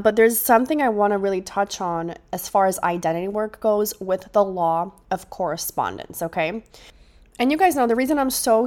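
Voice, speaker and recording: A young woman hosts her podcast alone, sounding congested and stuffy from a cold. She talks in an excited, chatty rush, restarting sentences as her thoughts pile up, at an ordinary pitch for a woman. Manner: chatty and enthusiastic, with frequent restarts. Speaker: podcast host. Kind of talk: casual solo podcast monologue.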